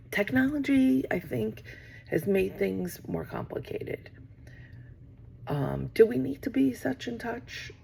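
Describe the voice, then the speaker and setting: A woman's voice: mid-range voice, vocal fry, darkish tone, slight background noise. A middle-aged woman talking casually to camera from her office, rambling and acting out conversations she has had. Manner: rambling, acts out quoted exchanges. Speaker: vlogger.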